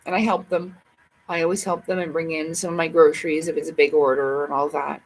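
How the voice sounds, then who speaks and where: A woman's voice: low voice, little pitch movement, a little fast, slight background noise, poor audio. A woman hosting a livestream, rambling casually to herself and her viewers in a chatty way. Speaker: livestream host.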